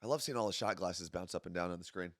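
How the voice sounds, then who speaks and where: A man's voice: deep voice, quick pace, dry recording, studio quality. A man co-hosting a casual morning show, joking and poking fun at himself. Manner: joking, self-mocking. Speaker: podcast co-host.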